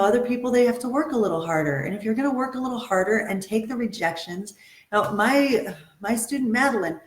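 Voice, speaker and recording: A woman's voice: mid-range voice, echoey room. A woman acting and modeling coach giving an upbeat, motivational webinar talk, stressing and repeating her key points.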